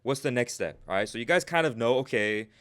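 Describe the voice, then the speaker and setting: A man's voice: medium pitch, animated, fast, fairly bright tone. A man talks to his stream audience as a trading coach, loose and conversational, with a mid-range voice. He tacks a questioning "right?" onto nearly every point and calls out viewers in the chat by name. It sounds like an informal live coaching session rather than a scripted lecture.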